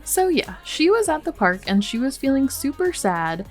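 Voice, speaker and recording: A woman's voice: sits high, sing-song, normal speed, faint music behind. A woman hosting a game let's play, commenting casually and sympathetically, with many fillers.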